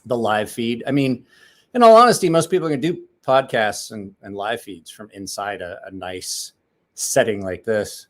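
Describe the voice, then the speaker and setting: Man, livestream host, loose and jokey, swears a lot, animated pitch. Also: moderate pace. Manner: rambling, joking, swears often. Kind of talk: casual livestream chat with viewers.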